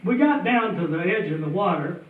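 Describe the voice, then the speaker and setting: A man with a high, voice spins a tall tale in a folksy, chuckling manner. He sounds thin and tinny, as if heard over a phone. He is picked up from well back in an echoey hall. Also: lively intonation, a little fast, far from the mic, a little hiss or hum. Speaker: storyteller. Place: festival stage before an audience.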